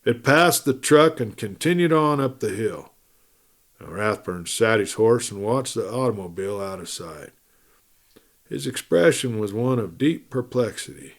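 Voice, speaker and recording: A man hosting a storytelling show, reading a western novel aloud in steady, measured narration. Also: on the low side. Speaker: storyteller host.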